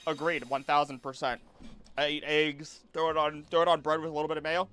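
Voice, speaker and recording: A man's voice: fairly high pitch, flat delivery, fairly quick, a bit bright, soft background music. A young man streaming a game live, chatting playfully with his viewers and the creatures on screen. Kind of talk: live gameplay commentary.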